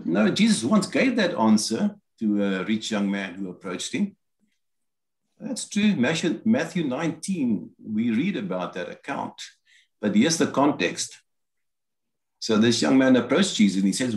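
A man's voice: mid-range voice, big pitch swings, moderate pace. A man preaching a sermon, explaining scripture and voicing quoted lines as he goes. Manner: expository, quotes scripture in acted asides. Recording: roomy echo.

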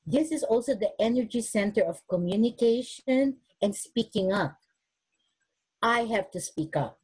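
A woman's voice: fairly high pitch, lively intonation, measured pace, darkish tone, husky, poor audio. A woman who is a nurse, speaking earnestly at a webinar and showing self-care techniques, often restarting her sentences. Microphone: webinar recording.

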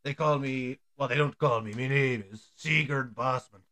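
Man putting on gruff Irish jailbird. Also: medium pitch, moderate pace, sharp tone. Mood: blustering. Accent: put-on Irish. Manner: mock-tough, blustering.

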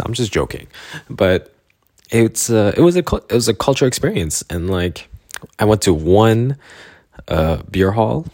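A young man from Canada rambles through a travel story, laughing and acting out the people he met. His voice sits very low and the recording is dry and close. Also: sing-song, moderate pace, long pauses, a little mellow, no echo. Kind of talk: casual storytelling.

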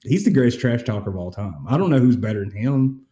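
Animated man telling sports stories. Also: mid-range voice, fast talker, echoey room. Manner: animated storyteller, acts out quotes. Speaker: podcast co-host. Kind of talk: casual sports chat.

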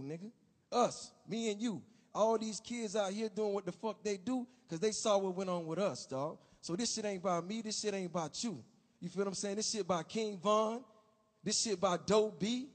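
Man with a high-pitched voice, insistent street-slang talker who keeps repeating his point, sound echoing in a hall. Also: normal speed. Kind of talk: comedic street-talk sketch. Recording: echoey hall reverb.

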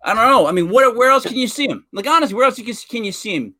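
Animated man talking football. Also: extremely high pitch, rapid-fire, no room sound. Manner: animated, opinionated, frequent fillers. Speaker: podcast co-host. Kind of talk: casual sports chat.

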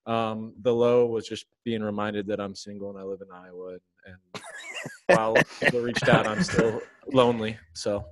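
A man's voice: lowish voice, fairly even intonation, moderate pace. A man in his twenties co-hosting a podcast, chatting casually with dry, teasing humor. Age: 20s. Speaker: podcast co-host. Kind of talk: casual chat.

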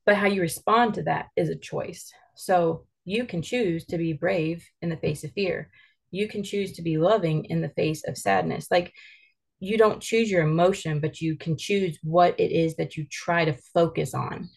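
A woman with a somewhat low voice and a gravelly edge to it. She talks earnestly and reflectively, as a mother in a candid podcast chat. Her pace is steady and conversational. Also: normal speed. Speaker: mother of kids.

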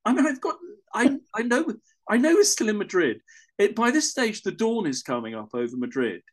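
Lively rambling Englishman telling a story. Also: sits high, fairly quick. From England. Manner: rambling, self-correcting, with chuckles. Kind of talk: casual personal anecdote.

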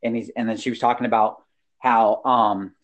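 A young man hosts a podcast, talking casually and swearing freely. He is animated and breaks into laughter often. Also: on the low side, normal speed, highs cut off. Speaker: podcast host.

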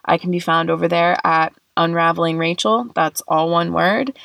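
A woman's voice: lowish voice, fairly even intonation, normal speed, vocal fry, fairly bright tone, dry recording. A young woman hosting a reflective solo podcast, speaking earnestly and emotionally, tearing up, with many fillers. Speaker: podcast host.

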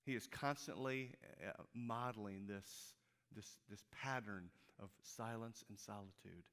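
A male pastor from Peoria, Illinois, preaching a sermon in an animated storytelling way, with frequent halting restarts. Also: on the low side. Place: church.

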